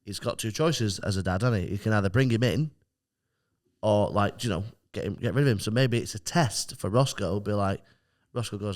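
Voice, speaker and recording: A man co-hosting a casual podcast chat, with a fairly low voice. He agrees easily and chips in with history tangents and story ideas. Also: brisk, a little mellow. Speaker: podcast co-host.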